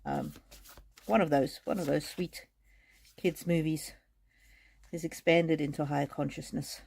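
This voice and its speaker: A woman giving a live-streamed oracle card reading, speaking gently and haltingly, moved to emotion and laughing often. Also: sits low, fairly even intonation, vocal fry, slightly rough. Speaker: tarot and oracle card reader. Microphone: streaming mic.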